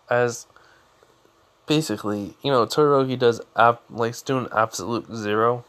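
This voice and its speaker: Young man, improvised storyteller, rambling, filler-heavy, mid-pitched voice. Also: normal speed, a bit bright. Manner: rambling, many fillers and restarts. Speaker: fan fiction storyteller.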